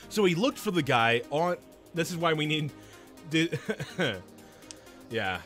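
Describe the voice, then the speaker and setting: Lively, bright-voiced man rambling on stream. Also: on the high side, slow, soft background music. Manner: rambling, animated storytelling with many restarts. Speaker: game streamer. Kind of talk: casual chat while gaming.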